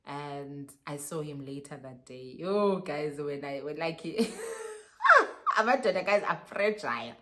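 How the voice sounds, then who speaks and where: A young South African woman with a South African accent, telling a casual story in a lively, animated way and laughing often. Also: sits low, normal speed, few pauses. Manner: animated, mixes English and Xhosa slang, laughs often. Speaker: vlogger.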